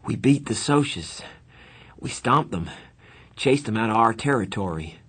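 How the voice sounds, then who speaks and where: A man's voice: fairly low pitch, lively intonation, measured pace, a bit bright, breathy edge, exaggerated voice. A man voicing a tough teenage gang boy whose voice shakes with strain. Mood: overeager. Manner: urgent, strained and shaky. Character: tough teenage male gang kid, desperate.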